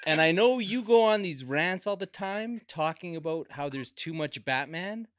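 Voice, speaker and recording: A man on a podcast ribs his co-host with playful, mock outrage. His voice sits a little high, and the recording is dry and close. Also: expressive, moderate pace, fairly bright tone, no room sound. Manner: teasing, mock-outraged banter. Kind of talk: casual chat.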